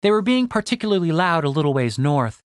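A man narrating a comic fantasy audiobook with expressive storytelling. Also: on the high side, fast talker, no echo, clean studio sound. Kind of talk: scripted narration.

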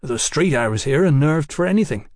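A man's voice: fairly high pitch, lively intonation, normal speed, darkish tone, no room sound, clean studio sound. A male narrator voicing a flustered Victorian scientist who blurts out his words in anxious indignation. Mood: agitated.

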